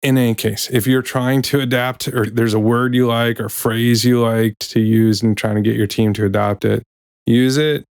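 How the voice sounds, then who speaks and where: In this casual, reflective podcast talk, the host keeps correcting himself, pokes wry fun at office jargon, and eventually reads from a book he wrote. He speaks in a mid-range voice with little pitch movement, at a moderate pace, with a darkish, clean tone. The sound is dry and studio-clean.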